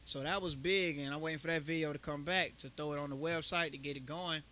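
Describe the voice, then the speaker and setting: A young man, a stand-up comedian, chatting in an interview and telling jokes with slangy, animated storytelling. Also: a little high, fast talker, slight background noise. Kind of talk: casual interview, joking.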